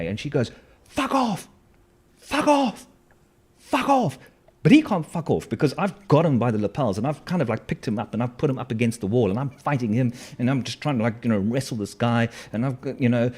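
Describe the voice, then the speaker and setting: A man's voice: medium pitch, darkish tone. A man telling a personal story in a casual, wry, self-mocking way, with lots of fillers and restarts.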